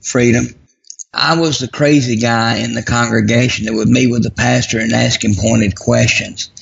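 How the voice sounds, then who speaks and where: Grieving guy guest, rough gravelly voice, breathy, keeps restarting his sentences. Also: mid-range voice, steady tone, a bit bright, muffled recording. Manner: reflective, halting, with repeated restarts. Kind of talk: casual conversation.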